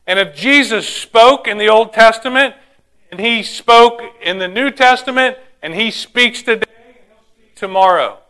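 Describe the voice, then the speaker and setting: A man preaching a sermon, emphatic, asking rhetorical questions and slowing down to stress key lines. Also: high voice, pushed and bright.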